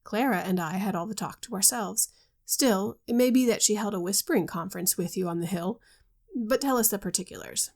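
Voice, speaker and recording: A light-hearted young man who teases his friend with wry banter, as a woman reads his lines. The voice has a gravelly, creaky grain. He talks in a bantering way. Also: mid-range voice, a little fast, a little mellow, lightly acted. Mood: teasing.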